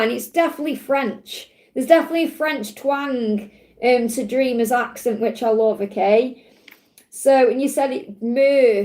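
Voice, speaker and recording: A woman's voice: high voice, darkish tone. A woman hosting a live card-reading stream, talking in a reassuring, affectionate way and checking in with "okay?" and "honey". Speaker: tarot reader hosting a livestream.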